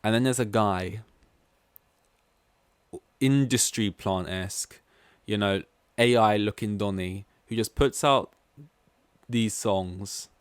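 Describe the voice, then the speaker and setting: Man from east london, casual solo podcast talk, rambling with lots of fillers, somewhat low voice, dry recording. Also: slow, clean tone, no room sound. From East London, England. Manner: rambling, goes off on tangents, heavy use of "like". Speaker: podcast host.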